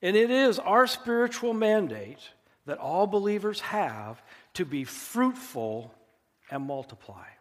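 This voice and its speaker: A man's voice: high-pitched, sing-song. Earnest male pastor preaching in a hall. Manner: earnest, emphatic preaching with slow stressed phrases. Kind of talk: sermon.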